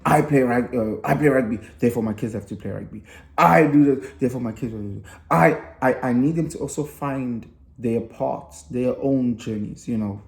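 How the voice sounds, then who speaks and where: A middle-aged man reflects on being a father in an earnest, rambling way. His voice is mellow and dark, sitting at an ordinary pitch. He restarts his sentences often as he thinks aloud. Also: reverberant. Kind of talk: reflective personal talk.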